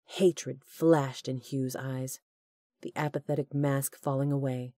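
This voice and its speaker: A woman narrating a romance audiobook in steady, measured storytelling. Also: extremely low pitch, no echo, clean studio sound. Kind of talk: scripted narration.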